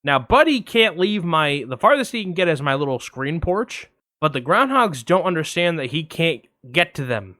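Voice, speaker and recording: A young man co-hosting a podcast, telling a long story in a casual, animated way, swearing freely and acting out the voices of others. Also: a little high, normal speed, no echo, clean studio sound. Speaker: podcast co-host.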